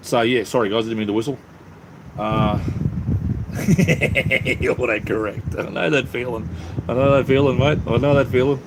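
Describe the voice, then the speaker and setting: A man's voice: medium pitch, fairly even intonation, normal speed. Easygoing Aussie man on a noisy stream. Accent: Australian. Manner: easygoing, repeats "it's all good, mate", many ums and restarts. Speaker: live-stream host. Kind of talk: casual live-stream chat, answering viewers.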